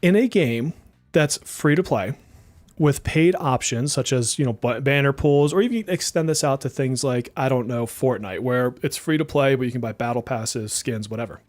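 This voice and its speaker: A man with a faint Boston accent, co-hosting a casual podcast, relaxed and chatty with lots of fillers. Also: mid-range voice, normal speed, faint music behind. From New Jersey and Massachusetts, US. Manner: relaxed, chatty, laughs often, many likes. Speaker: podcast co-host.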